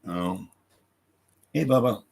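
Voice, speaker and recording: A man's voice: on the low side, lively intonation, slow pace, creaky, darkish tone. A man on a live stream who reads hostile comments aloud and answers them in an angry, profane rant, speaking of God with heavy conviction.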